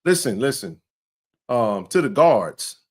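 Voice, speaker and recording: A man, co-hosting a casual sports talk show, animated and full of restarts and slang. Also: medium pitch, slow pace. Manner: animated, repeats and restarts, colloquial. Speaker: co-host.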